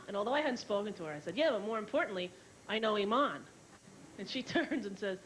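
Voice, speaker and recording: A woman in her thirties performing a brash, fast-moving stand-up comedy set, acting out other people's lines, with an audience laughing. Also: fairly high pitch, big pitch swings, fairly bright tone, poor audio. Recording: old VHS tape with hiss.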